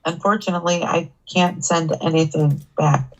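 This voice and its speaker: A woman's voice: on the low side, steady tone, moderate pace. A woman co-hosting a casual livestream, making short, dry remarks. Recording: dull, muffled audio.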